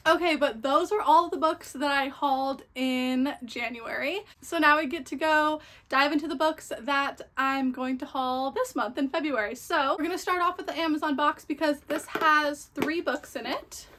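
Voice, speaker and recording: High-voiced young woman, chatty book vlogger; gushing, filler-heavy casual delivery. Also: normal speed, few pauses, fairly bright tone. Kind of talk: casual book haul chat.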